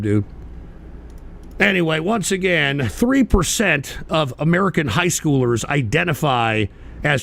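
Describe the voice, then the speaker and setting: A man hosting his own livestream radio show, ranting angrily with lots of swearing and sudden shouted bursts while answering chat. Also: on the high side, creaky. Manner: profane, combative, shouting bursts. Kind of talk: angry ranting commentary, reading chat.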